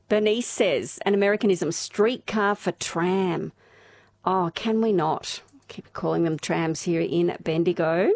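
A woman's voice: lowish voice, unhurried, a little mellow. A woman with an Australian accent hosting a morning radio show, chatting casually, laughing easily and reading out listener texts. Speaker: radio host. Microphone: studio microphone.

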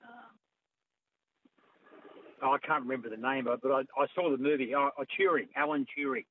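A man calling a radio quiz, cheerful and quick, laughing and fumbling for a name. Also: medium pitch, lively intonation. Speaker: caller. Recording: dull phone line with faint hiss.

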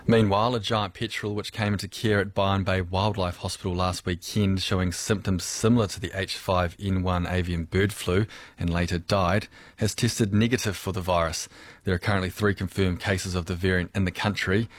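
An Australian man reading a radio news bulletin in a measured, formal way. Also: deep voice, level tone, dry recording. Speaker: newsreader.

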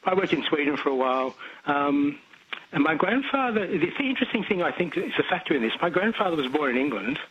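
A man's voice: on the high side, sing-song, fast talker, slightly rough. A middle-aged man with an Australian accent, calling in to a radio show and chatting with rambling restarts. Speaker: caller. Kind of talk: phone-in radio chat. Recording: dull lo-fi phone line.

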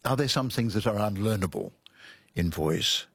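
A man hosting a radio interview, asking measured, slightly hesitant questions. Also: on the low side, animated, creaky, fairly bright tone, slightly rough, no echo, clean studio sound. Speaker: radio host.

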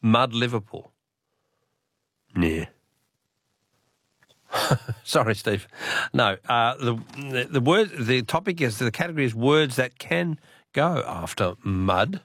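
A man's voice: mid-range voice, animated, takes it slowly, long pauses, fairly bright tone, no echo, studio quality. A man with an Australian accent hosting a talkback radio quiz, chatty and laughing easily as he repeats the questions.

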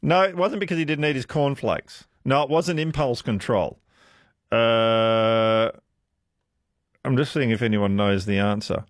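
A man with a medium-pitched, unhurried voice hosts a late-night talkback radio quiz, chatting with callers. He's friendly and jokey, with lively intonation. The recording is dry and clean, with studio sound.

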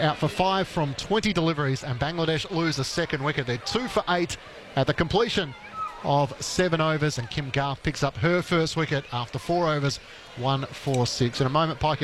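Male cricket caller, slightly high voice, informative, crowd and noise around the mic. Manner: brisk, informative play-by-play. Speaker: radio cricket commentator. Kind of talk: live radio sports commentary.

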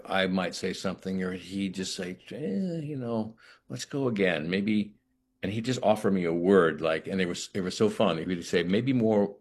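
A middle-aged actor talking in an interview, thoughtful and halting, with many restarts. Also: male voice, deep voice. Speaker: actor guest. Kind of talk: reflective interview talk.

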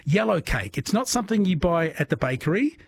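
An Australian man runs a phone-in quiz on overnight radio in a chatty, jokey way, cheering his callers on. His voice sits a little high and has a husky edge. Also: sing-song, brisk, dry recording. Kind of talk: casual overnight radio chat.

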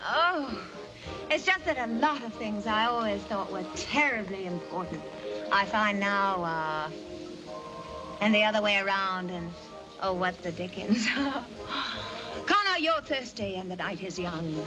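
A woman's voice: mid-range voice, expressive, unhurried, long pauses, natural voice, poor audio. An actress playing a giddy young society woman with an airy, theatrical mid-Atlantic accent, heard on an old film soundtrack with music behind. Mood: tipsy cheerful.

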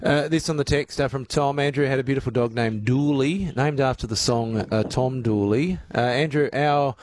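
A man's voice: medium pitch, normal speed, darkish tone, a little hiss or hum. A man hosting a radio show, joking easily with his guest and reading out listener texts. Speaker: radio host. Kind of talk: radio interview.

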